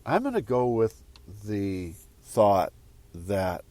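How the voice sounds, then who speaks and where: Slow, low-voiced rambling male speaker. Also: animated, a little mellow, dry recording. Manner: slow, rambling, conversational, repeats phrases. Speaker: spiritual speaker. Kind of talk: motivational talk to viewers.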